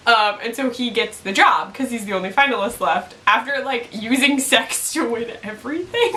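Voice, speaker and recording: A woman's voice: a little high, lively intonation, normal speed, few pauses, bright, forceful tone, a little hiss or hum. A young woman casually recapping a TV episode, chatty and giggly, filling her talk with "like". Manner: chatty, giggly, many "like" fillers. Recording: echoey room, mic at a distance.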